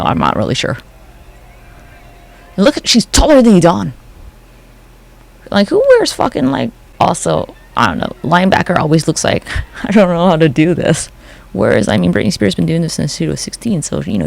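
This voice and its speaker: A conspiracy commentary vlogger rants loosely and without a script over photos, profane and gossipy, often slipping into quick acted-out mock quotes. The gravelly, sing-song voice swings widely in pitch. Beneath the energy there's a slightly bummed note.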